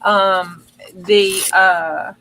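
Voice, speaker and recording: A woman's voice: medium pitch, fairly even intonation, extremely slow, sharp tone, slight background noise, rough recording. A woman in casual livestream chat, reading fun facts in a folksy, chatty way and stumbling over words. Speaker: co-host.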